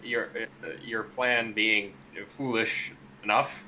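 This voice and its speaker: A man's voice: on the low side, level tone, slow pace, pushed and bright, slight background noise, poor audio. A man playing a tabletop game, talking in a dry, teasing way. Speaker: player.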